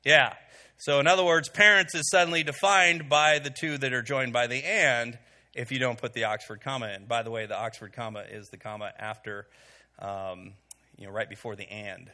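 A man teaching a Bible study to a group in a room talks conversationally, with many "okay"s and fillers, and asks the room questions. His voice is mid-range, steady, pushed, and bright, delivered at a normal speed before the live audience.

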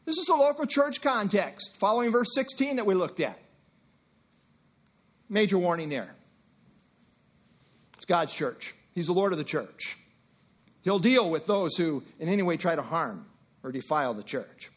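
A male pastor delivers a sermon in a relaxed, conversational way. He breaks off for asides and acts out short exchanges. His voice sits fairly high for a man. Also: moderate pace, pauses often. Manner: conversational preaching with asides and acted-out dialogue.

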